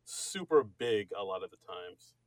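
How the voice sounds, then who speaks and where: A man's voice: on the low side, animated, a little slow, no room sound. A man co-hosting a comedy podcast in casual chat, rambling and self-mocking with many restarts. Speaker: podcast co-host.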